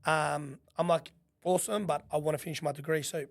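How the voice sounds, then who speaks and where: An Australian man tells his stories as a podcast guest, rattling along at a rapid clip. His voice sits a little high, and he swears freely while acting out what others said. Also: vocal fry. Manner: animated, swears freely, acts out quotes. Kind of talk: casual storytelling.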